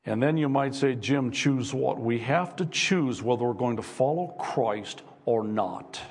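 A man's voice: mid-range voice, animated, unhurried, a little mellow, husky, in a large hall. A man preaching a sermon as pastor in a church, earnest and insistent, asking his listeners repeated rhetorical questions. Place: church sanctuary.

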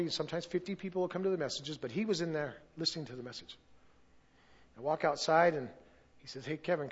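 A man's voice: sits high, dull audio. A pastor telling a story in a sermon, acting out the voices of the people he quotes. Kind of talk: testimony sermon.

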